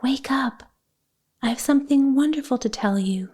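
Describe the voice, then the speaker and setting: Lady reading as a breathless excited little girl, gushy, kinda soft and mellow. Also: sits high, normal speed, breathy edge, pitched above the performer's own voice. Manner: breathless, gushing storyteller. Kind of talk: audiobook character voice.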